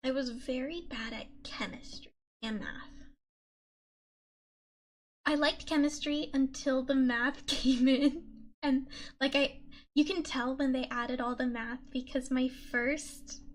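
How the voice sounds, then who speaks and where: A young woman streamer chatting softly and casually during an ASMR stream, giggly and quick to gush with excitement. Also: high-pitched. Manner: soft-spoken, giggly, gushes excitedly at chat. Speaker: VTuber streamer. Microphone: binaural dummy-head mic.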